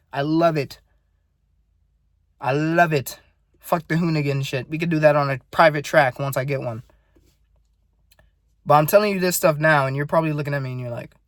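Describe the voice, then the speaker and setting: A man's voice: a little high, dry recording, clean studio sound. Profane, earnest nineteen-year-old man. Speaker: vlogger. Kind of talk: casual video diary rant.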